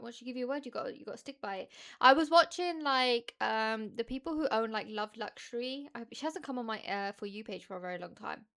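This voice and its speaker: A young woman from the UK, a streamer in casual chat, telling stories and acting out what others said. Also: on the high side. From United Kingdom. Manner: chatty storytelling, animated quoting of others.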